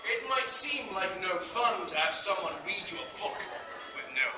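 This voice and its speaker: A man's voice: high voice, animated, moderate pace. A man reading a silly picture-free book aloud to children, theatrical and mock-reluctant as he plays to the crowd. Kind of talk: playful read-aloud to children. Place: public library room with children. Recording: echoey room recorded from a distance, with children's noise.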